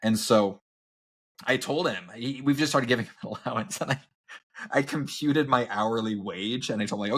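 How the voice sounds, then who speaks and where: A man in his thirties co-hosting a podcast, telling stories in an animated way and laughing often. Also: medium pitch, normal speed, slightly rough. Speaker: podcast co-host. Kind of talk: casual chat.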